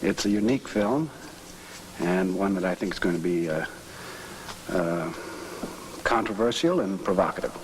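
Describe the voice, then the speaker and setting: Measured, hesitant male actor. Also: sits low, slight background noise, low-quality recording. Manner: measured, thoughtful, many hesitations. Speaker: actor being interviewed. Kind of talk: casual interview answers.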